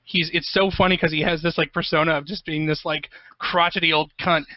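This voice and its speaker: Man, high voice, rambling and profane, excitable, dry dull call audio. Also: brisk, dry recording. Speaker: guest, video game composer. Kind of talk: casual interview chat.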